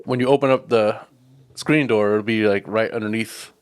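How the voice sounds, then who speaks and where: A man's voice: on the low side, steady tone, normal speed, clean tone. A man co-hosting a podcast in casual chat, joking, cocky and teasing. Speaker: podcast co-host.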